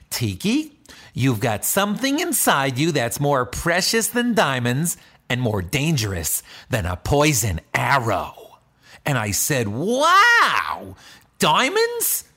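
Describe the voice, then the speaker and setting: A man voicing a cheerful, kind talking backpack in a children's audio drama, chuckling and swooping in pitch. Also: a bit bright, full character voice. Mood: earnest. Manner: rhyming, bouncy, chuckling, sudden swoops in pitch.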